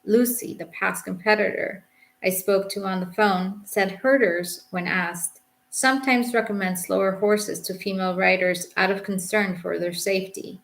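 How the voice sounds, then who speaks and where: A young Englishwoman reads her travel memoir aloud with a low, gravelly fry settling into her phrases. Her delivery is reflective, and she holds a dry, understated wit. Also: steady tone, normal speed. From England. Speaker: author reading her memoir. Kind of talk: audiobook memoir narration.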